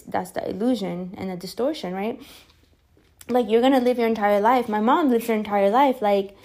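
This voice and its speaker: Candid woman in her forties, gravelly voice. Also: medium pitch. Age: 40s. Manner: candid, animated, swears freely. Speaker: podcast host. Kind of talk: personal storytelling monologue.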